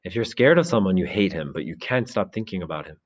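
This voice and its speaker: A man's voice: deep voice, expressive, fast talker. A man reading aloud, voicing a chubby, anxious, thoughtful schoolboy. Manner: worried, pleading.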